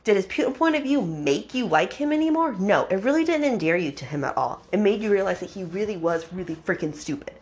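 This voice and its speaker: A young woman hosting a podcast, casually recapping a romance novel in an animated, exasperated way and mock-quoting the characters. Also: mid-range voice, a little fast, few pauses. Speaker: podcast host reviewing a book.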